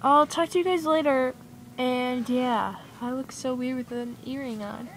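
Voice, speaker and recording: A woman's voice: sits high, fairly even intonation, a little slow, a little hiss or hum. Gushing teenage girl vlogging. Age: teens. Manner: gushing, rambling, heavy use of "like" and "oh my god". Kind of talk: casual chat. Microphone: iPod camera.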